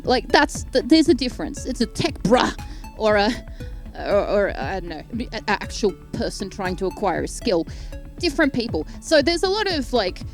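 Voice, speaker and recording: A woman delivering a sarcastic, animated comedic rant straight to camera, rambling from point to point. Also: medium pitch, moderate pace, soft background music. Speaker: comedic YouTube ranter.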